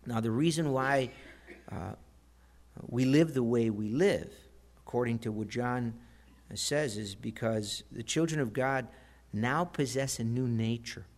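A man's voice: medium pitch, unhurried. A man preaching a sermon in a conversational way, with frequent fillers. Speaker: pastor.

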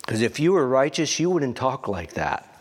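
A man teaching a Bible study, reading scripture aloud and then explaining it in a halting, conversational way. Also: medium pitch, big pitch swings. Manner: slow, halting, conversational asides.

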